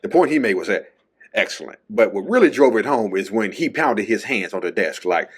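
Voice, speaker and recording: A man's voice: on the low side, animated, fairly quick, slight background noise. A man hosting his own show, talking through a casual solo monologue and tagging his points with a questioning "okay?". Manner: chatty, tags lines with "okay?". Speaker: podcast host.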